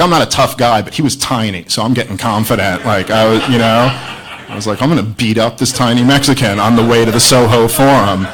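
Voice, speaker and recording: A rambling, self-mocking story comes from a comedian whose voice is fairly low, performing stand-up to open a debate. The low-quality recording carries slight background noise and the laughter of a live audience.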